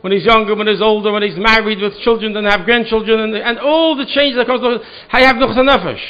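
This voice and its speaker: A man's voice: high voice, fairly even intonation, fast talker, muffled recording. A man, a rabbi, giving a Torah study lecture in a synagogue hall, earnest and often repeating words as he searches for them. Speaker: rabbi teaching a class.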